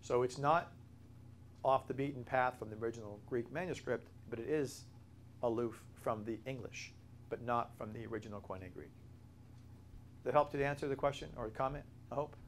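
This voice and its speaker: A man's voice: mid-range voice, normal speed, slight background noise. A man teaching a Bible study. He talks earnestly, repeats his key points and spells out words as he explains them.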